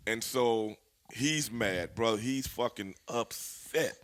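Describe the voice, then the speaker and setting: A man, a former pro wrestler, telling backstage stories in a casual interview, animated and full of profanity. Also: mid-range voice, slow. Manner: animated, profane, laughing storyteller.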